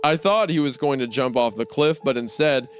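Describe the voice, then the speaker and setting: Reading a creepy story on a comedy podcast, this young co-host has a mid-range voice and speaks at normal speed against a noisy background. He frequently dissolves into laughter partway through his lines.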